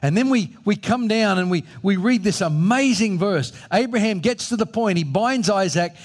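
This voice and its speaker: A man's voice: sits high, lively intonation, moderate pace. A middle-aged man, preaching a sermon with strong emphasis and acting out the voices in the story. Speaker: pastor.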